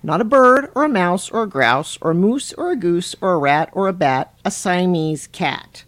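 A woman's voice: lowish voice, animated, normal speed, close to an everyday voice. A woman voicing a fussy mother cat lecturing her son in a scolding manner.

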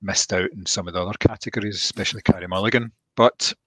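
A man's voice: low-pitched, fairly even intonation, quick pace, a bit bright, breathy edge, dry recording. Dry-voiced man mulling over films. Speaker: film podcast co-host. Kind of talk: casual film discussion.

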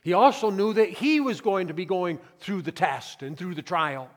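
Pastor guy preaching hard, kinda high voice, big church echo. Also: moderate pace. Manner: earnest preaching with strong emphasis. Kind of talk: sermon. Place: church sanctuary.

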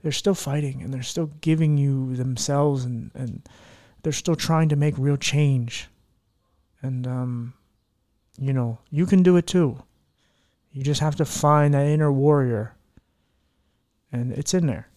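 A man's voice: mid-range voice, unhurried, darkish tone. Earnest man hosting a podcast. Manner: earnest, heartfelt, rambling. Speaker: podcast host. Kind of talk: casual podcast chat.

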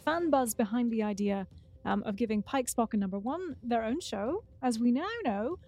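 A woman's voice: fairly high pitch, animated, moderate pace, dark tone, soft background music. A woman co-hosting a podcast in casual chat, playfully reading out news items. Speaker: podcast co-host.

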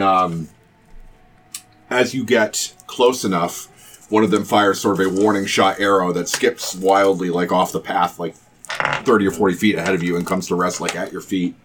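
A man's voice: sits low, a bit bright, a little hiss or hum. A man running a tabletop game as game master, describing the scene with frequent fillers like "um" and "like".

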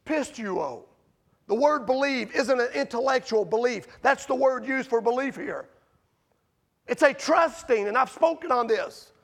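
A man preaching a sermon, full of rhetorical questions to the congregation and sharp swings between loud and quiet. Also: extremely high pitch, lively intonation, unhurried. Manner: rises and drops sharply in loudness.

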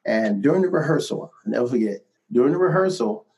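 A middle-aged man telling stories from his music career in a casual interview, animated and laughing often. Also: medium pitch, fast, muffled recording. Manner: animated anecdotes with frequent laughs and repeated "man" and "right?". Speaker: musician guest.

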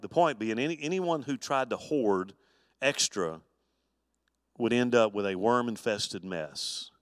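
A man, a pastor, teaching an evening adult Bible study in a folksy, animated storytelling way with touches of humor. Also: medium pitch, no room sound, studio quality, in a large hall.

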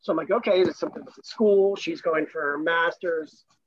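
Over a noisy background, a thirtysomething sailor from Florida, now a new father, chats casually, spinning a long story with eager, rambling enthusiasm. His voice is fairly high and a little fast, captured in a dull lo-fi recording.

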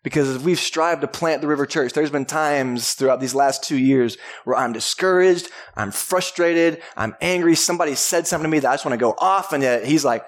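A man preaching a Sunday sermon as pastor of a church, animated and climbing high in pitch when he acts out an excited friend. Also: a little fast, few pauses. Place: church service.

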